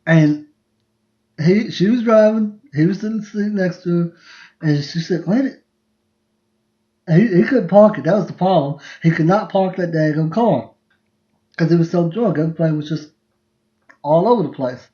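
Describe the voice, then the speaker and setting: A man's voice: sits high, moderate pace, dark tone. A man, hosting a podcast on a livestream and telling family stories in a rambling, laughing way that repeats itself. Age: 20s. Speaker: podcast host. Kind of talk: casual storytelling on a livestream. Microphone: phone livestream. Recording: roomy, dull lo-fi livestream sound.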